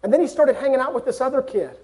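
A man's voice: extremely high pitch, animated, fast, mellow. A young man preaching a sermon, earnest and building to fervent exhortation.

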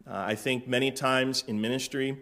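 A middle-aged man from Florida, a pastor telling a relaxed story from the pulpit with dry humor and lots of fillers. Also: medium pitch, normal speed. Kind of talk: casual sermon-opening story.

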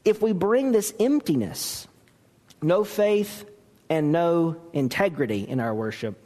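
Male pastor, sermon delivery, high and very lively voice, long reverb of a large hall. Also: slow. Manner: expressive preaching, acting out quoted dialogue.

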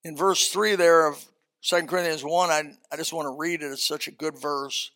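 A man's voice: a little high, steady tone, normal speed, sharp tone. An older man preaching a sermon as a pastor, reading scripture and telling folksy stories.

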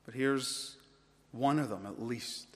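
A man preaching an expository sermon, working through a passage and getting louder and higher when he presses a point. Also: slow, a little hiss or hum. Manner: rises to loud, high-pitched emphasis when stressing points. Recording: long hall reverb.

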